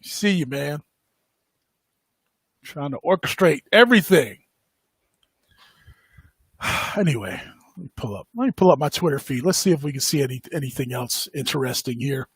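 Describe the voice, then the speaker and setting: A man hosts a podcast in a casual, rambling way, full of fillers and quick laughs. His voice sits a bit high for a man and has a husky edge. The sound is dry and close, with no room around it. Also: expressive, no room sound. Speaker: podcast host. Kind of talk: casual livestream commentary.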